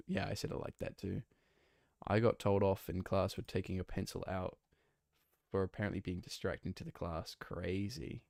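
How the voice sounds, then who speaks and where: A man's voice: sits low, fairly even intonation, normal speed, creaky, a little mellow, no room sound, clean studio sound. A man chatting casually and rambling while he plays a building game and answers his live chat. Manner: rambling, easygoing, lots of fillers and self-corrections. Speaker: streamer playing a block-building game.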